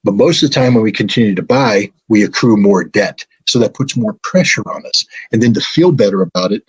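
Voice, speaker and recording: Husky-voiced American man, emphatic. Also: on the low side, fairly quick, rough recording. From United States. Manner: emphatic, repeats phrases for stress. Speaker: guest. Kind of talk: casual spoken commentary.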